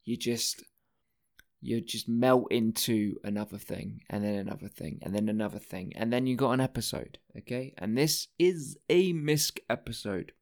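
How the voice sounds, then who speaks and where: A male podcast host talking on his own in a loose, rambling way. He swears freely and cuts himself off mid-thought, with his voice sitting at a middling pitch. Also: normal speed, a little mellow. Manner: rambling, profane, self-interrupting. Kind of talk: casual solo podcast monologue.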